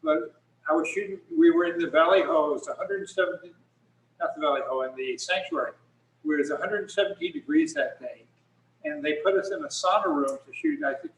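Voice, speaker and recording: A man's voice: fairly high pitch, very animated, brisk, fairly bright tone, recorded from a distance. A middle-aged man, a photographer, telling rambling stories in casual talk on a video call with many restarts. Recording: echoey room, speaker off mic.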